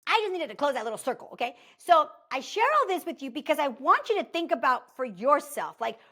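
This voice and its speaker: A woman in her thirties hosting a podcast, telling a personal story in a casual motivational monologue, chatty and animated, peppered with "like" and "okay?". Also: high voice, a little fast. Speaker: podcast host.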